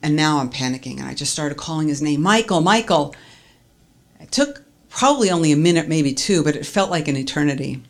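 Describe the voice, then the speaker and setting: A woman's voice: low-pitched, quick pace, few pauses. A woman earnestly recounting a personal story as a testimony, stringing events together with "and".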